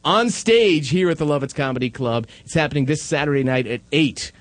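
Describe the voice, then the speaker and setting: A man's voice: a little high, brisk. A man co-hosting a live comedy radio show, teasing his co-host and callers and laughing often. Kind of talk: casual comedy radio banter. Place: live comedy theater broadcast.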